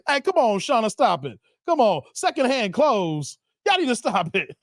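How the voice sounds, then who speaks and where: Animated man hosting a live chat. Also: extremely high pitch, slow, pauses often, dry recording, clean studio sound. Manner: animated, laughing often, slangy banter. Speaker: livestream host reading chat.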